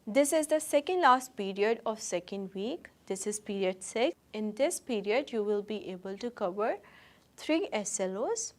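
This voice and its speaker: Woman teacher, patient recorded lesson, says words slow and twice for the kids, middle pitch. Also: animated. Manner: patient, repeats words slowly for learners.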